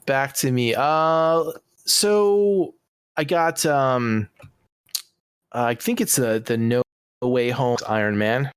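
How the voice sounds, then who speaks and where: A man's voice: mid-range voice, slow pace, clean tone, dry recording. A man co-hosting a comedy podcast, chatting casually in an easygoing, rambling way with chuckles. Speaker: podcast co-host.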